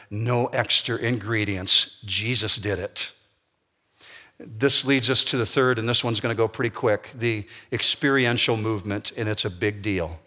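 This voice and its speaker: A man's voice: mid-range voice, pushed and bright. A man preaching a sermon as pastor, blunt and emphatic in a conversational way. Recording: long hall reverb.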